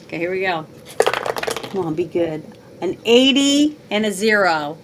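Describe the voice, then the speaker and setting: A woman's voice: fairly low pitch, animated, measured pace, background noise. A woman playing in a tabletop game, easygoing and asking about the rules. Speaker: player. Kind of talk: casual tabletop game play.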